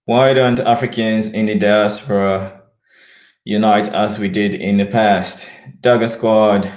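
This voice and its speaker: A man's voice: lowish voice, fairly even intonation, takes it slowly, reverberant. A man with a mixed Australian and British accent, rambling in a casual livestream chat as he talks to viewers.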